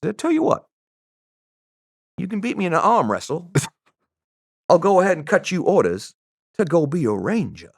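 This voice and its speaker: A man doing a soft, pasty Southern clerk in his fifties, drawling and wheedling in a voice pitched far up. He teases with a sly, high lilt and a Southern accent, dry and close to the mic. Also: huge pitch swings, normal speed, creaky, long pauses, slightly rough, no room sound, exaggerated voice. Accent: American Southern. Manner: wheedling, teasing.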